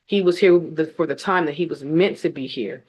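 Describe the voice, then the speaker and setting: A woman hosting an online event, telling her own story with deep feeling and close to tears, speaking straight to her audience over a video call. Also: moderate pace, darkish tone, a little hiss or hum. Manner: tearful, heartfelt, speaks directly to the audience. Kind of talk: emotional testimony on a video call.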